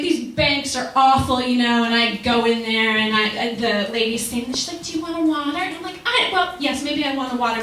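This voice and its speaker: High-voiced woman doing stand-up. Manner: chatty, self-deprecating, animated storytelling. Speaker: stand-up comedian. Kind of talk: stand-up comedy set. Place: small comedy club. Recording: echoey club from far off, audience noise. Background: audience laughter.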